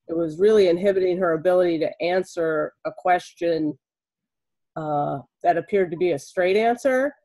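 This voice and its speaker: A woman's voice: lowish voice, a little mellow, poor audio. A woman jury consultant speaking conversationally on a webinar panel, explaining her points through anecdotes over a video call.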